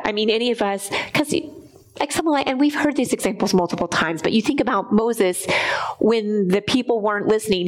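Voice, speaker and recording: A woman in a faith-sharing discussion, speaking earnestly and reflectively, often pausing to find her words. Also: mid-range voice, poor audio. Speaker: Bible study participant.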